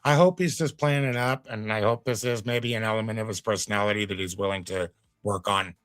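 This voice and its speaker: A man's voice: on the low side, fairly quick, fairly bright tone, no room sound. A man giving casual live commentary as a reaction streamer, laid-back and folksy, with drawling asides to his chat.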